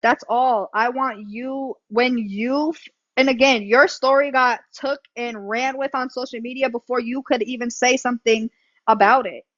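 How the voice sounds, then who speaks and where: A woman's voice: a little high, steady tone, moderate pace, no room sound, dull audio. A woman hosting a livestream, talking bluntly and emphatically, swearing and repeating herself. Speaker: livestream host. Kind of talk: heated livestream talk.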